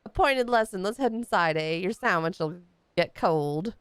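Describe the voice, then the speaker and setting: A woman reading lines as a swaggering male pirate rogue guild master for a game, in rough sailor slang. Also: lowish voice, expressive, normal speed, no room sound, close to an everyday voice.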